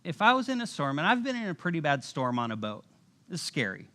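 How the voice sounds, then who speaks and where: Animated high-voiced man preaching. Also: brisk. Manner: casual, animated storytelling with voiced asides. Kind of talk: sermon. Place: church.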